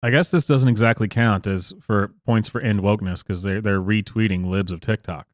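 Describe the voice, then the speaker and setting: A man's voice: on the low side, fairly even intonation, moderate pace, no echo, clean studio sound. A man hosting reaction commentary, sarcastic and mocking, often laughing. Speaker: commentary host.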